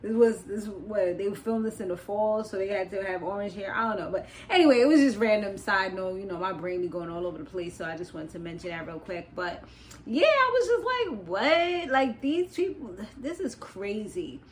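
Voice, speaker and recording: A young woman hosting a podcast, casually recapping a reality show in an animated, slangy way, laughing often and wandering into side notes. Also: mid-range voice, fairly quick, slight background noise, poor audio. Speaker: podcast host.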